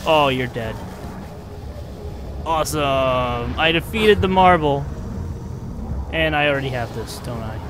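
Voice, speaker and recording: A man commentating his playthrough of a game, excitable, swinging from muttering to yelling. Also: mid-range voice, takes it slowly, pauses often, noisy background. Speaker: gaming video host. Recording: music from the game behind the voice.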